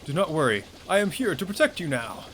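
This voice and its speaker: A man's voice: on the high side, wildly swooping pitch, brisk, fairly bright tone, a little hiss or hum, pitched above the performer's own voice. A man voicing an earnest young prince who vows to protect others, in a raised, declaiming voice. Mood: heroic.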